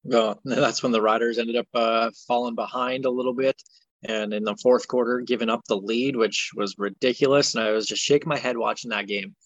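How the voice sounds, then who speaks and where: A man's voice: mid-range voice, a little fast, no room sound. Podcast co-host, man, exasperated sports ranter, dry dull lo-fi sound. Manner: exasperated ranting, animated. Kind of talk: casual sports chat.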